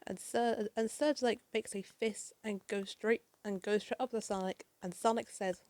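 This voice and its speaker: A woman's voice: medium pitch, fairly even intonation, moderate pace, hardly any pauses, darkish tone, dry recording. Chatty woman narrating a comic. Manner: chatty, swears, lots of fillers. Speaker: comic reader. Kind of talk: casual comic narration with asides.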